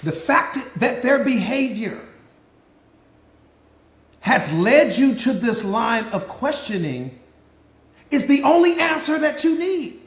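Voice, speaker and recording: Emphatic preachy man coaching in an echoey room. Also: very high-pitched. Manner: emphatic and preachy, repeats lines for effect; playful banter with audience members by name. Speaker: mindset coach. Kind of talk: live motivational talk.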